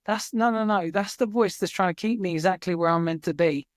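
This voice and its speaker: A man's voice: high voice, fairly quick, no room sound, studio quality. Earnest reflective man telling his story. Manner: earnest, reflective, swears casually. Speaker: guest. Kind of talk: casual storytelling interview. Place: remote farm in Norway.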